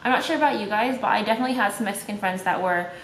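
A young woman from Malaysia talks straight to camera in a loose, chatty vlog. Her sentences are peppered with "like". Her voice sits at a middling pitch in an echoey room with a faint hum of ambience behind her. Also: very fast. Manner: chatty, heavy use of "like" fillers. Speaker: vlogger. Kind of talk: casual vlog chat.

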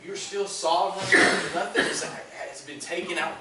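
A man's voice: high-pitched, moderate pace, a crowd in the background. A man preaching a sermon as pastor, earnest and emphatic, often calling out "listen" to stress a point. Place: church sanctuary. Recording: echoey church hall from a distant mic with background noise.

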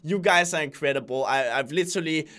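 Bright, high-voiced young-sounding male vlogger. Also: brisk. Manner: earnest, chatty, keeps addressing viewers as guys. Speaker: YouTuber. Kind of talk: casual vlog chat to viewers.

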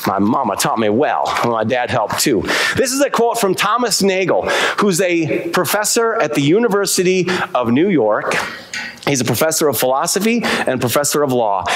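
A man preaching a sermon as pastor in a church, lively and emphatic, slowing down to stress key words. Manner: animated preaching with sweeping pitch, slowing for emphasis. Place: church sanctuary.

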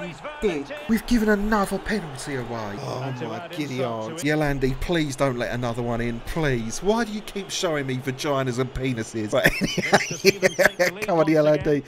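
A man giving excited, sweary, jokey commentary on a football video game he is playing. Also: a little high, moderate pace. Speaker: gaming YouTuber. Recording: game crowd noise behind. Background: stadium crowd from the game.

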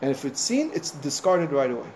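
A man's voice: fairly high pitch, a little fast, slight background noise. A man, a rabbi, giving an informal sermon, telling stories in a conversational way with many "you know" asides and acting out what people said. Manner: animated storyteller, acting out conversations.

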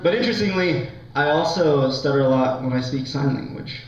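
A man's voice: fairly high pitch, lively intonation, brisk, background noise. A young man doing a stand-up set, rambling with lots of likes and ums and poking fun at himself. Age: young adult. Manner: rambling, full of likes and ums, self-mocking. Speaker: stand-up comedian. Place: college lounge with a laughing audience. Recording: echoey lounge, distant, dull lo-fi sound.

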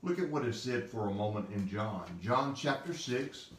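A male pastor giving an emphatic devotional sermon, stressing repeated phrases and slowing on key words. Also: mid-range voice, animated, far from the mic, a little hiss or hum. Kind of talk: devotional sermon teaching from scripture. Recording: roomy sound, speaker away from the mic.

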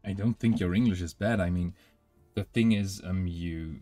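German man, native German speaker with a German accent, lowish voice, relaxed hesitant hobby-stream chat. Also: normal speed, soft background music. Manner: hesitant, many filler sounds. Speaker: miniature painting streamer. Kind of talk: casual chat while painting.

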